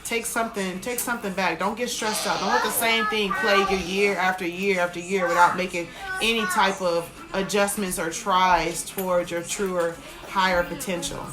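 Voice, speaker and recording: A woman's voice: mid-range voice, steady tone, moderate pace. An American woman chatting casually on a live stream, giving motivational tips between frequent laughs.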